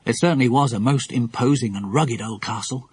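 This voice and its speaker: A man narrating a children's audiobook in an animated, expressive way. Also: medium pitch, fairly quick, breathy edge.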